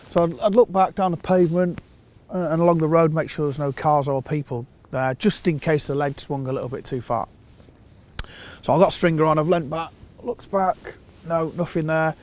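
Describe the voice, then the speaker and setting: A man telling a fishing anecdote in a casual, animated way, acting out the quotes. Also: a little high, normal speed. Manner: animated storyteller who acts out quotes. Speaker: fishing consultant.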